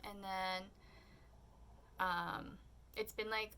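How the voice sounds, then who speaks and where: A young woman vlogger chatting casually through a story, full of "like"s, and she voices her own remarks in quotes with high squeals. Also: fairly even intonation, drawn-out words, bright, forceful tone, slight background noise.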